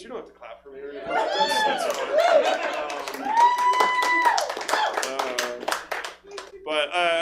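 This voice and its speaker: A man's voice: on the high side, sharp tone. A man from California doing a rambling, self-deprecating stand-up set, stammering through restarts and laughing at his own jokes on a stage mic before a live audience. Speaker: stand-up comedian. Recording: noisy live show with hum.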